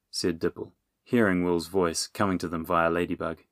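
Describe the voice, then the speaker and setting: Guy narrating an audiobook, lowish voice, steady, dry close mic. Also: moderate pace, dry recording. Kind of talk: scripted storybook narration.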